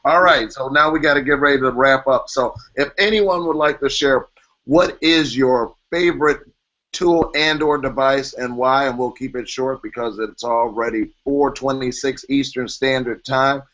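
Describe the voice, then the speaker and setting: A man with a medium-pitched, slightly bright voice speaks at a normal pace while moderating an online panel. He keeps it casual and chatty, joking and laughing often, over dull, lo-fi video call audio.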